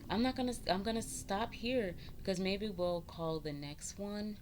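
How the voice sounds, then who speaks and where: A woman in her thirties giving a casual spiritual vlog monologue, animated and preachy, firing rhetorical questions and laughing often. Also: mid-range voice, moderate pace, a little hiss or hum. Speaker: spiritual vlogger.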